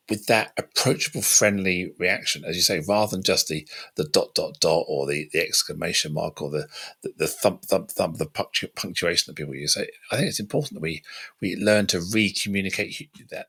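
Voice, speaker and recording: A man with a very low voice that still sounds forceful and bright, talking earnestly in a casual podcast conversation. He is animated and keeps restarting his sentences with repeated words. His tone is slightly husky. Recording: podcast audio.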